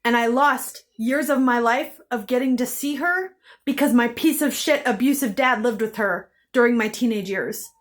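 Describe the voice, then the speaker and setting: Woman vlogger, fairly high voice, raw and heated personal storytelling with heavy swearing. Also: normal speed. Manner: intense, bitter, heavy swearing; repeats phrases for emphasis.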